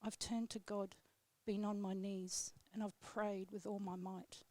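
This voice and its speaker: A woman on live radio reading her own poem aloud in a steady, measured way, then chatting with the host. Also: mid-range voice, dry recording. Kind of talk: poetry reading, then casual chat. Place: radio studio.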